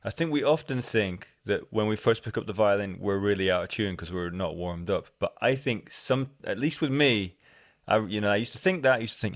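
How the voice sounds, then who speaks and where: A man's voice: fairly low pitch, a little fast, no echo, clean studio sound. A man hosting a podcast, talking casually in rambling, self-correcting sentences, often quoting himself. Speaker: podcast host. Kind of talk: casual conversation.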